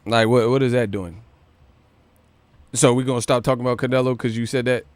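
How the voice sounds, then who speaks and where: A man hosting a boxing news livestream, ranting casually with profanity and rapid rhetorical questions. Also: medium pitch, fairly even intonation, no echo.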